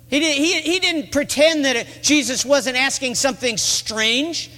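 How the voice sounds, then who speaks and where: A man's voice: very high-pitched, normal speed, few pauses, pushed and bright. A middle-aged man preaching a sermon in a church, telling the story earnestly and rising to emphatic peaks. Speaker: pastor. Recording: long reverb of a large hall.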